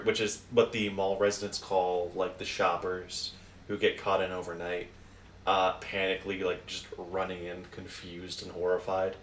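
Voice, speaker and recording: A man's voice: deep voice, fairly bright tone, roomy sound, a little hiss or hum. A man narrating a tabletop game as game master, rambling with lots of fillers and chuckles.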